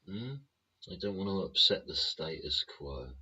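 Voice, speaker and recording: A man's voice: sits low, lively intonation, a little slow, bright, forceful tone, husky. A man hosting his own show, delivering a profane political rant full of swearing and tag questions. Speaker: show host. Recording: dull lo-fi sound.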